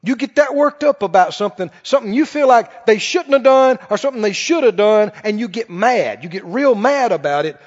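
A man preaching a sermon in an animated, conversational way to a church congregation. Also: high-pitched, a little fast, few pauses. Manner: animated, conversational, acts out quoted voices. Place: church hall. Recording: dull recording with long hall reverb.

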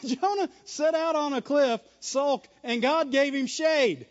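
A man preaching a sermon, emphatic and animated, chuckling often between points. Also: extremely high pitch, a little slow, few pauses. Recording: dull lo-fi recording.

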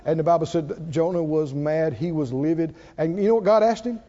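Guy preaching, high voice swinging all over, folksy, kinda muffled lo-fi recording. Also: a little fast, few pauses. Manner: folksy, animated preaching with questions to the congregation. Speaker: pastor. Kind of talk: sermon. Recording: dull lo-fi recording.

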